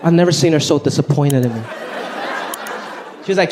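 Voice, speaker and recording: A man's voice: on the high side, brisk, pauses often, darkish tone, a little hiss or hum. A man doing a stand-up comedy set, wry and punchy. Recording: live stage with crowd laughter.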